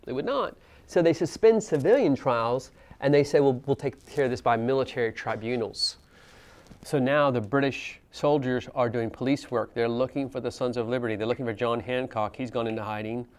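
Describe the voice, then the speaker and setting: A man's voice: mid-range voice, a little fast, hardly any pauses, darkish tone. A man teaching a history class, talking conversationally and asking students questions as he goes. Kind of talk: classroom lecture.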